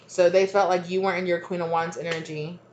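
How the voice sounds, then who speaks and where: A woman's voice: fairly low pitch, level tone, fast talker, darkish tone, dull audio, a little hiss or hum. A woman giving a casual spoken tarot reading, rambling and repeating herself with lots of fillers and chatty asides. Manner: laughs easily, chatty asides. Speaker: tarot reader.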